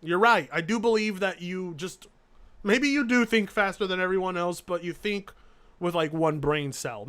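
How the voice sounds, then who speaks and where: A man's voice: high-pitched, a bit bright. A man streaming live, reacting to videos with sarcastic, incredulous commentary. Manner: sarcastic, incredulous, laughing asides.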